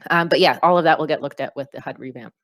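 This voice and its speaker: A woman's voice: deep voice, fast, a bit bright, no echo, studio quality. A woman developer reading out and answering community questions on a voice call, chatty and self-deprecating. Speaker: game developer. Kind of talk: casual Q&A in a voice call. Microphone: computer mic on a voice call.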